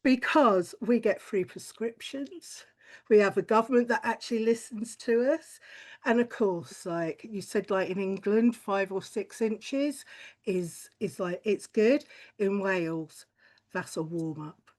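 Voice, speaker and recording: A woman's voice: mid-range voice, unhurried, darkish tone. A woman performing a stand-up comedy set, blunt and crude, with chatty tangents and frequent swearing.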